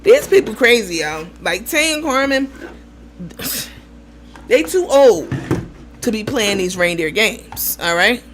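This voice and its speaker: A woman hosting a casual gossip commentary show, talking in a lively, profane way and acting out the voices of the people she quotes. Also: a little high, takes it slowly, pauses often. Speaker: host.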